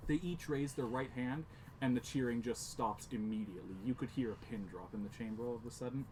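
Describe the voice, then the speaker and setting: A man runs a tabletop game, describing the scene in a loose, casual way. His voice sits in an ordinary mid range. Steady background noise runs behind him. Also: medium pitch, brisk, low-quality recording. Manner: casual, descriptive, many "like" fillers. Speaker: game master.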